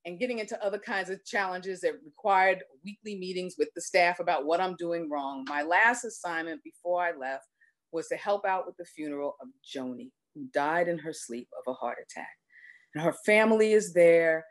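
A woman telling a personal story live, with expressive, self-deprecating delivery. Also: lowish voice, normal speed.

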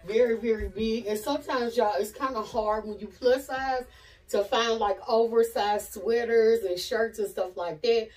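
Picked up by a distant mic on a rough recording, this Nashville woman's voice sits on the high side, steady and darkish, at a moderate pace. With her Southern American accent, the fashion vlogger chats to camera about her outfits in a casual try-on, peppering her talk with "y'all" and "honey."

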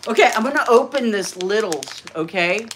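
A woman hosting a casual live stream, chatting to viewers and gushing with excitement as she opens mail. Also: mid-range voice, moderate pace, slight background noise. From California. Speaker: channel host.

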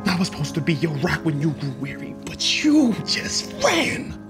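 An actor playing a bitter jilted man, speaking slowly and accusingly. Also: fairly high pitch, big pitch swings. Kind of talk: romantic drama acting. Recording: music under the voice.

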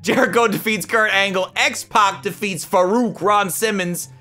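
A young man commenting excitedly on a wrestling sim game, jumping between loud outbursts and muttered asides. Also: high-pitched, measured pace, faint music behind. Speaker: gaming YouTuber. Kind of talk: gaming commentary.

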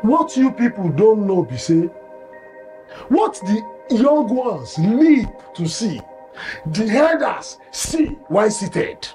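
A high-voiced, slow, scornful Nigerian village accuser in a film, pidgin-accented, faint score behind. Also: male voice, sing-song, faint music behind, heavily acted. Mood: accusing. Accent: Nigerian Pidgin English. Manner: scornful, insistent, shouting demands. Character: hostile village elder, harsh accuser.

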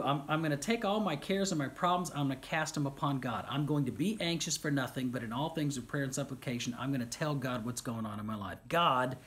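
A middle-aged man preaching a sermon, animated, with rhetorical questions and repeated phrases. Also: fairly high pitch. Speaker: pastor.

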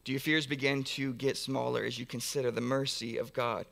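A man's voice: mid-range voice, flat delivery, fairly quick, creaky, fairly bright tone. A man pastor preaching a sermon in a church, earnest, building through long repeated phrases with frequent restarts. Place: church sanctuary.

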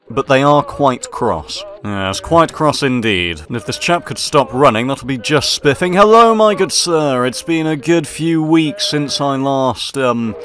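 A man's voice: medium pitch, a bit bright. A man commenting over his own gameplay, slipping into a theatrical, mock-posh officer manner with dry jokes. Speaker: gaming commentator. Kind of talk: let's play commentary. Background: faint background music.

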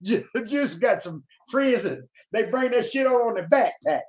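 A man talks as a show guest, boastful and profane. His voice sits high, and its pitch swings widely and lively. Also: normal speed. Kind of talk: casual chat about CB radio.

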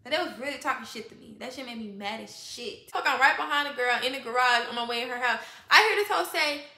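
A young woman, telling a profane, animated storytime and acting out quoted voices. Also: high-pitched, fast talker, echoey room. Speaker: vlogger.

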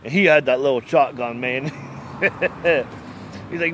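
A man's voice: mid-range voice, steady tone, measured pace, long pauses, fairly bright tone, slight background noise. A man telling a hunting story in a rambling, folksy way, laughing often and cursing now and then. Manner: plainspoken, mild cursing. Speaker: outdoors vlogger. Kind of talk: casual storytelling.

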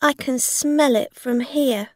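Sharp insistent schemer lady read by a woman, high, dry and slow. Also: no echo. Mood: demanding. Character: scheming middle-aged woman, bold and demanding. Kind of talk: storybook reading.

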